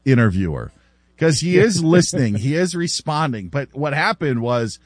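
A man hosting sports talk radio, animated and laughing as he repeats himself. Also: mid-range voice, moderate pace, no echo. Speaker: radio host.

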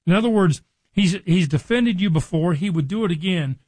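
A man with a somewhat high voice is teaching from scripture. He talks through the story casually and dramatizes the characters' words as he goes. The sound is dry and close, with almost no room echo. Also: brisk. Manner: retells scripture with lively dramatized quotes. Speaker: preacher. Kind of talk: Bible teaching.

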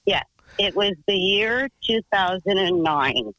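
A woman's voice: mid-range voice, takes it slowly, bright, forceful tone, dry recording, rough recording. A woman from Canada calling into a radio show, telling a rambling story in a chatty, loose way. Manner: chatty, rambling, swears, laughs easily. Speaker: radio caller. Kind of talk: phone-in storytelling.

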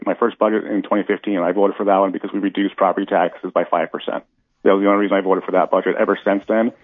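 A man with a very low voice speaks fast, tripping over restarts as he makes his case. The sound is a dry, thin phone line. He is a candidate calling in from afar. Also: no echo. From North Dakota. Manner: rapid, halting restarts. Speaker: city commission candidate. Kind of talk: phone-in radio interview.

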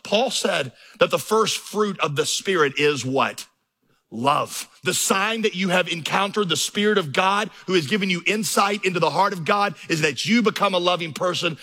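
A man's voice: high voice, moderate pace, bright, forceful tone. A man preaching a sermon as pastor, telling stories and building to impassioned emphasis. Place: large church auditorium. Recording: reverberant hall.

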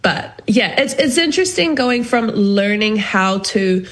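A woman's voice: medium pitch, expressive, a little slow. A woman answering an interview question in a thoughtful, hesitant way, with many fillers. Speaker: guest, language learner.

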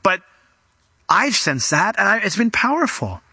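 Male pastor, sermon delivery, bright and forceful tone, slightly raised pitch, dry sound. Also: big pitch swings, a little slow, husky, no room sound. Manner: conversational, acts out quotes, emphatic.

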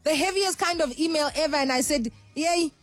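A woman hosting a call-in radio show, telling a story with lively energy and acting out the voices of the people in it. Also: high voice, quick pace, no echo. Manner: animated storyteller, acts out voices. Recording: faint music bed behind.

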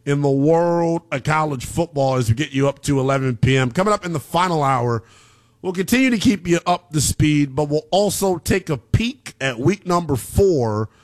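A man hosting a sports talk radio show, emphatic and slangy, with an excitable delivery. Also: mid-range voice.

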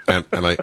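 A man hosting a radio talk show, bantering with his guest in an enthusiastic, quick-witted way. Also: bright, forceful tone.

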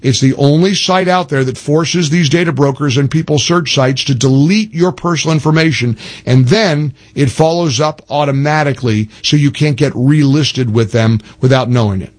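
An older man hosting talk radio in a slightly raised, pressing voice. He spells things out slowly and stumbles into quick restarts as he makes his points. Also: a little high. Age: 60s. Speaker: radio talk show host.

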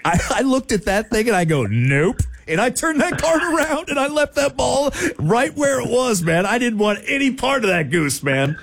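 A man hosting a radio talk show, telling a funny story with loud asides and frequent laughter. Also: extremely high pitch, normal speed, few pauses. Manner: animated, laughing storyteller with big voiced asides.

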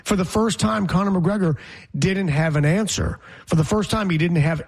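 A man, a reporter, telling a story in casual chat, emphatic and animated. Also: sits high, normal speed. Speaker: reporter guest.

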